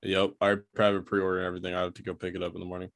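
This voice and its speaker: A man with a very low, gravelly voice chimes in with short, casual remarks on a podcast. The sound is dry and close, with no room around it. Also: completely flat delivery, racing, dry recording. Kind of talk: casual chat.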